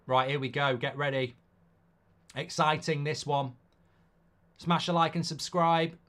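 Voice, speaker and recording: A man's voice: fairly high pitch, steady tone, measured pace, fairly bright tone. A middle-aged man, hosting a live football watchalong in a chatty way and reading out viewer comments. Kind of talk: casual live-stream chat.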